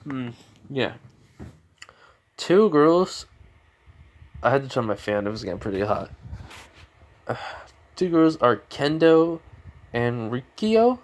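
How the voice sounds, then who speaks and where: A man's voice: medium pitch, big pitch swings, slow pace, long pauses. A young man retelling a fan story in a rambling, off-the-cuff way, full of fillers and restarts. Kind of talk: casual improvised storytelling. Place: home room.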